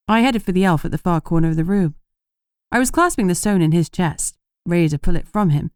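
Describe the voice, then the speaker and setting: Low, mellow woman audiobook narrator. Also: no room sound, clean studio sound. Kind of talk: scripted first-person narration.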